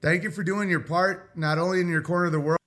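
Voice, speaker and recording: A man talking on a livestream, rambling and halting as he reads out viewer letters. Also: high voice, fairly even intonation, a bit bright. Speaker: streamer reading viewer letters. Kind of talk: livestream monologue.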